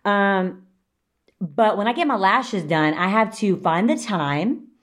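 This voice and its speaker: A woman's voice: mid-range voice, slow pace. A young woman co-hosting a podcast, telling stories in casual, swearing chat and acting out quotes. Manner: animated storytelling, swearing, acts out quotes. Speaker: podcast co-host.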